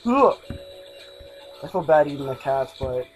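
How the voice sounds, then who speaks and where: A gamer giving casual let's play commentary, excitable and swearing freely, with a voice softened from shouting the day before. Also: mid-range voice, unhurried, faint music behind, rough recording. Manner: excitable, swears freely, makes monster noises.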